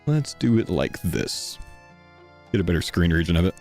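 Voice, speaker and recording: A man's voice: sits low, big pitch swings, normal speed, darkish tone, faint music behind. A young man live-streaming a sponsor read, out of breath and chatting casually to his viewers. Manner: casual, chatty, talks to chat.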